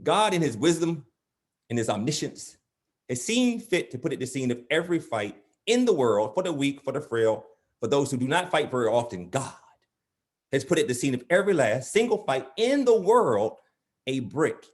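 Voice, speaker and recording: A man's voice: medium pitch, big pitch swings, normal speed. A middle-aged man telling a comic story to an audience and then performing spoken word poetry with a rhythmic, theatrical delivery. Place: in front of a live audience.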